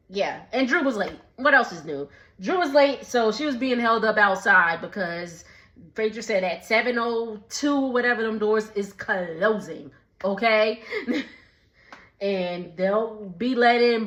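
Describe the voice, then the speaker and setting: A woman's voice: mid-range voice, a bit bright, muffled recording. A woman chatting casually as she recaps a TV episode, laughing often between remarks. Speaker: recap vlogger.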